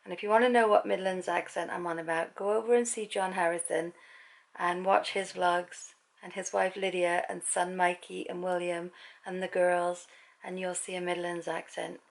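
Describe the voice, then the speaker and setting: Chatty gravelly-voiced English woman vlogger. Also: lowish voice, level tone, normal speed, low-quality recording. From England. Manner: chatty, rambling, laughs easily. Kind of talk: casual vlog chat to camera. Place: home at night.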